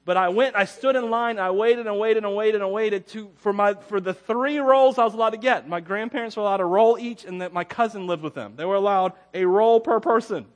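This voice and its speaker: A man's voice: high-pitched, brisk, few pauses. A man preaching a casual, conversational sermon as a pastor, rambling through personal stories and chuckling often.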